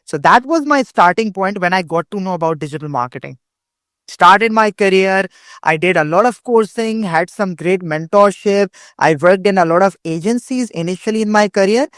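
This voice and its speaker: A man's voice: high-pitched, lively intonation, moderate pace, a bit bright, dry recording, clean studio sound. A young man from Pakistan, a guest on an interview show, telling his career story in an earnest, casual way, often restarting phrases. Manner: earnest, with frequent repeated starts. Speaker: guest, digital marketing agency owner.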